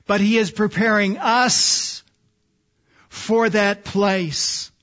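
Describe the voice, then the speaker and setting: Male preacher, high voice, slow earnest sermon delivery, slightly dull lo-fi recording. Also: steady tone. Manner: slow, earnest, drops to soft low phrases for emphasis.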